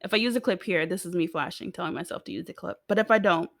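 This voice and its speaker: A woman's voice: lowish voice, fast, creaky, dry recording, clean studio sound. A young American woman giving a casual, rambling TV recap, giggling and swearing freely as she talks. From United States. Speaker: TV show reviewer.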